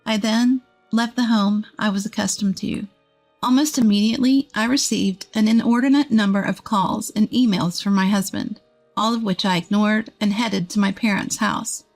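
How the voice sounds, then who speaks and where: A woman, a text-to-speech voice, reading a first-person story as a scripted narration in an even, steady way. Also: medium pitch, normal speed, soft background music.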